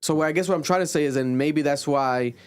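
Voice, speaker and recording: A man co-hosting a casual podcast, thinking aloud with restarts and rising in pitch when he makes a point. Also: brisk, clear, resonant tone, dry recording, clean studio sound. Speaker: podcast co-host.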